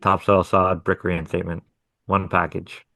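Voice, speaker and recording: Very deep-voiced man, laid-back swearing. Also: level tone, moderate pace, gravelly, pushed and bright, no room sound. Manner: laid-back, profane storytelling. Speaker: podcast co-host, hardscape contractor. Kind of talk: casual chat.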